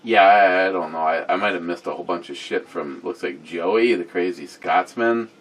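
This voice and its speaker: A man's voice: low-pitched, normal speed, fairly bright tone. A man hosting a casual beer review vlog, rambling off the cuff with many fillers and reading viewer comments aloud.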